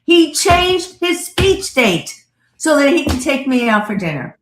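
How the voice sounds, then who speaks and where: A woman therapist telling a lively personal story as a radio guest, acting out the voices of the people she quotes. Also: high voice, measured pace, echoey room, slight background noise. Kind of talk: animated storytelling in an interview.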